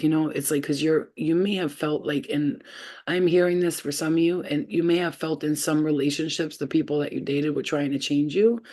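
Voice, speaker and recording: A woman's voice: low voice, a little mellow. A woman giving a casual livestream spiritual reading, rambling loosely and filling her talk with fillers. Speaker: spiritual reader.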